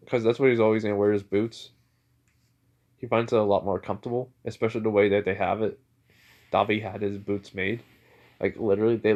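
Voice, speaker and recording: A man casually telling a fan-fiction story out loud, rambling with lots of filler words. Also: fairly low pitch, muffled recording.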